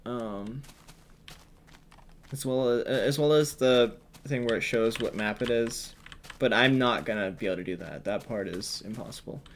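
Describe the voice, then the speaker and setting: A man giving casual gameplay commentary, thinking aloud with lots of ums and sudden excited bursts when an idea strikes. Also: mid-range voice, normal speed, slight background noise.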